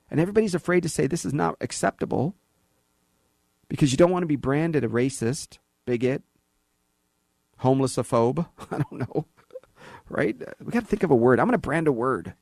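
A man hosting talk radio in a rough, slightly raised voice, opinionated and sarcastic. He acts out little exchanges to make his points. The sound is dry and close, with no room around it. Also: a little high, fairly quick, long pauses, dry recording. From California. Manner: animated, sarcastic, acts out dialogue. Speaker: radio show host. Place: radio studio.

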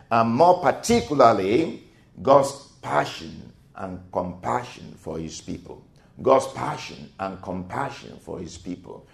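A male pastor delivers a slow, deliberate sermon, his pitch swinging widely as he repeats phrases. His voice climbs to near-shouts and sinks back down. The sound carries a roomy echo. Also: gravelly. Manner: slow, swelling preaching with repeated phrases, rising to near-shouts and dropping low. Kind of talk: sermon with prayer.

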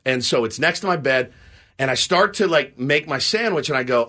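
A man with a medium-pitched voice, speaking at normal speed, co-hosts a morning sports radio show. He animatedly tells a self-mocking story, acting out the scenes as he goes.

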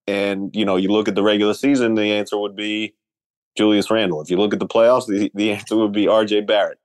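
A man analysing basketball trades in a casual talk show, measured and weighing each side. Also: on the low side, little pitch movement, no room sound. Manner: measured, weighing options, with restarts.

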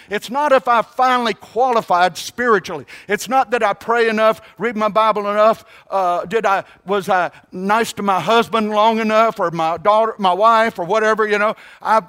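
High-voiced emphatic male preacher. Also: sharp tone. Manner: emphatic, calls congregation to repeat phrases; halting restarts, drawn-out emphasis. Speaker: pastor. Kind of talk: sermon.

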